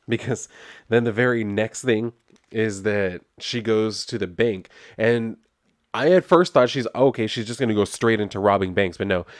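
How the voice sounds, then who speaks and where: A man's voice: on the low side, no room sound, clean studio sound. A man reviewing a comic book in a casual, rambling, conversational way. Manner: rambling, conversational, many fillers.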